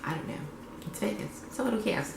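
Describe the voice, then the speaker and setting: A young man vlogging casually and bluntly, sarcastic and quick to swear. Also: high-pitched, animated, creaky, reverberant, background noise. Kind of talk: confessional casual vlog.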